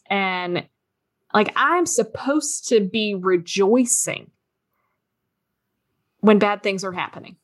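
Thoughtful woman on a faith podcast. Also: medium pitch. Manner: thoughtful, candid about her doubts. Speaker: podcast co-host.

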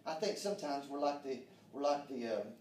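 A man preaching a sermon, fervent, calling out amen and dropping to hushed tones. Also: medium pitch, animated, a little fast, a little hiss or hum. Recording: echoey room, mic far off.

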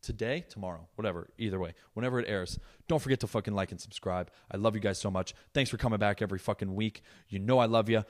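A man's voice: lowish voice, quick pace, hardly any pauses. Profane young man ranting solo. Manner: profane, sarcastic, animated ranting. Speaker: podcast host. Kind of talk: solo podcast rant.

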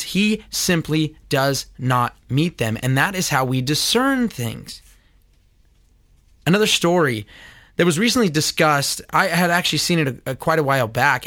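Earnest and preachy, this male host of a critical commentary show about church teaching occasionally stammers and restarts. His voice is on the high side and fairly bright, recorded dry with studio quality.

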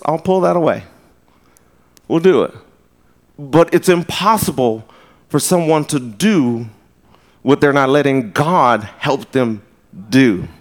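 A man preaching a sermon in a conversational, storytelling way, with quick asides. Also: a little high, fairly bright tone. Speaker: pastor. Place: church.

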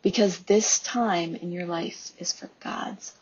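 A woman in her thirties, a homeschooling mom and podcast host, giving an earnest devotional talk with soft pauses. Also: on the low side, breathy edge, muffled recording.

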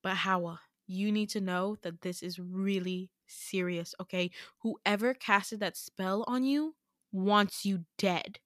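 A woman voicing an intense, serious young male student who explains things urgently and with exasperation, in a low hushed tone. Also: slow, no room sound, clean studio sound. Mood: grave, hushed.

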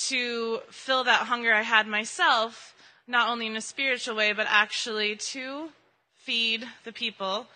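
Woman telling her testimony in church, kinda high and super bright voice, lots of ums, echoey hall. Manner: earnest and conversational, with frequent ums. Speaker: church member giving a mission-trip testimony. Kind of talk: personal testimony at a church service. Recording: reverberant hall sound.

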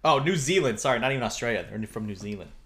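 A man's voice: medium pitch, lively intonation, racing, over a noisy crowd. A man co-hosting a podcast, casually retelling a movie plot in a rambling, profane way with bursts of laughter. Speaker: podcast co-host. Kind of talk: casual movie review chat.

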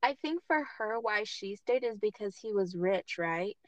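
A woman's voice: mid-range voice, expressive, measured pace, no room sound, muffled recording. A young woman co-hosting a podcast, casually venting about a movie with many fillers. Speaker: podcast co-host. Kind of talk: casual chat.

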